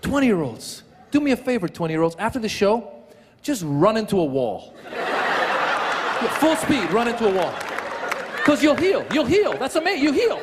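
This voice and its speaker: A man's voice: very high-pitched, moderate pace, long pauses, big-room sound. A middle-aged man doing stand-up on stage, acting out voices and sounds with lots of energy. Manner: animated, acts out voices and sounds. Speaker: stand-up comedian. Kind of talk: stand-up comedy set. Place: comedy stage before a live audience. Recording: live show with loud crowd laughter and noise.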